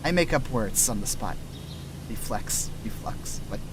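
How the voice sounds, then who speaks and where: With a fairly low, animated voice at a slightly slow pace, this male streamer rambles through gameplay chat, often trailing off and starting over. Like an easygoing teacher, he walks through voice-acting tricks, his throat dry and scratchy.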